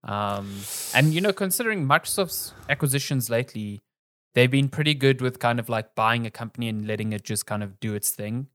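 A man's voice: mid-range voice, lively intonation, brisk, fairly bright tone, dry recording. Easygoing man, dry sound. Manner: easygoing, conversational, thinks aloud. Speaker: podcast co-host. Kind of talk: casual chat.

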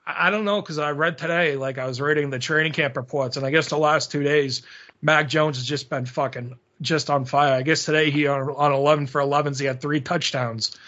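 A man's voice: fairly high pitch, fairly even intonation, a little fast, sharp tone. A man hosting a podcast, in casual chat, brash, jokey and full of swearing. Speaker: podcast host. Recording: dull lo-fi audio.

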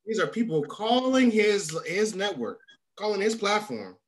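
A man hosting a podcast in casual chat, animated and rising in pitch when he makes a point. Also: measured pace, crowd noise. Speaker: podcast host.

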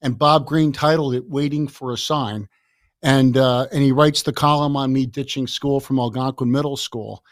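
A man in his sixties from the Chicago area, telling stories as a podcast guest in a lively way, often laughing and repeating words. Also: medium pitch, normal speed, dry recording, clean studio sound. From Chicago area, USA. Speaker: guest, author. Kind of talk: anecdotal storytelling in a podcast interview.

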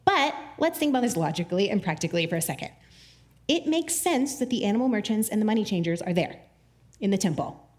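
Speaking quickly at a medium pitch, a woman offers an animated, easygoing Bible lesson. Her talk is full of "like" fillers and frequent laughter.

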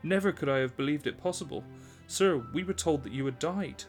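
A man's voice: medium pitch, fairly quick, soft background music, lightly acted. A man voicing an eager, chattering maidservant. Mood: amazed. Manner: excited, talkative, pleading. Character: young woman servant, devoted and voluble. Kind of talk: storybook reading.

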